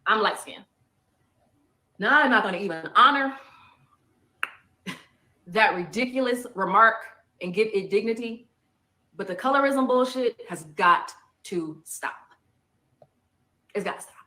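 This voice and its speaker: A woman's voice: mid-range voice, animated, unhurried, long pauses, sharp tone. A woman in a heated monologue, emphatic and repeating her points for effect.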